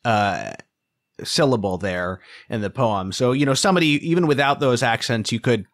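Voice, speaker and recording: A man's voice: mid-range voice, normal speed. A man hosting a podcast, talking casually and hesitantly, with many restarts. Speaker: podcast host.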